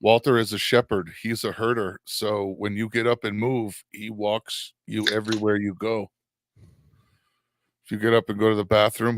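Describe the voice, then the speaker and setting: A man's voice: lowish voice, no room sound. A middle-aged man co-hosting a podcast in casual chat, rambling through a story with frequent restarts and swearing. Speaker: podcast co-host.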